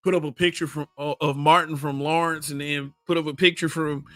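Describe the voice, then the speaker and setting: Blunt, profane Southern man, bright voice. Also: on the high side, level tone, brisk, no room sound. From American South. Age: middle-aged. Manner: profane, blunt, laughs often, talks back to chat. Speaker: livestream host. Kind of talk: casual livestream commentary.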